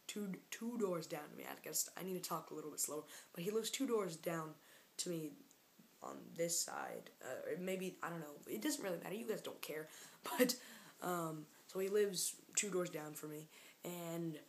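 Woman vlogger, on the low side, chatty and scattered, jokes to camera alone in a room. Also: animated, moderate pace, a little hiss or hum. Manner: rambling and jokey, keeps getting sidetracked. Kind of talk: casual vlog. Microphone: camera mic.

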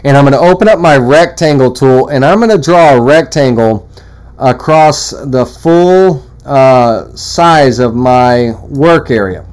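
A man walking through a woodworking software tutorial in a casual, rambling way, full of fillers and restarts. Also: mid-range voice, lively intonation, a little slow. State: has the hiccups. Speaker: CNC woodworking instructor. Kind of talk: screen-recorded software tutorial.

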